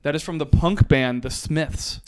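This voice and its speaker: Male podcast host with a high voice, easygoing quizmaster who laughs often. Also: unhurried, clear, resonant tone. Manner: laughs often, runs a quiz game. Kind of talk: casual podcast chat.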